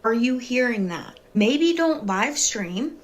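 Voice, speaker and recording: A woman's voice: fairly high pitch, animated, slow. A woman commentator narrating and criticizing a streamer's behavior in a matter-of-fact way.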